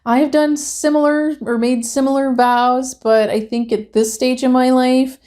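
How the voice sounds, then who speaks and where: High-voiced woman ranting in a chatty review. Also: fairly even intonation, measured pace, dark tone. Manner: chatty, emphatic, gets heated and ranting. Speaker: YouTube reality-TV reviewer. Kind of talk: casual episode review and rant.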